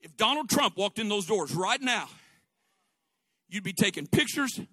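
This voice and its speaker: A man preaching. His tone is bright and forceful, and the sound is dry and close. He drops to hushed storytelling, then rises to shouting. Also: high voice, big pitch swings, measured pace, dry recording. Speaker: pastor. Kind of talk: sermon.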